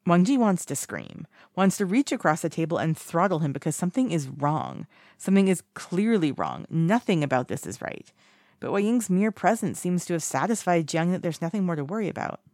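Steady audiobook narrator, gravelly texture, dry sound. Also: medium pitch, fairly quick, no echo.

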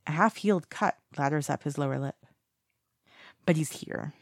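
Steady audiobook narrator, gravelly texture, dry sound. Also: mid-range voice, normal speed, no echo.

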